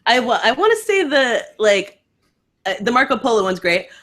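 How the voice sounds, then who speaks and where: A woman co-hosting a casual chat in a relaxed way, moderating the votes. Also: fairly high pitch, moderate pace. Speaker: podcast co-host.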